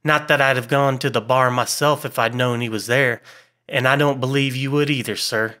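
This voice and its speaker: A man's voice: mid-range voice, steady tone, moderate pace, bright, forceful tone, lightly acted. A man voicing a timid young male waiter who drops his h's and sounds jittery. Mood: uneasy.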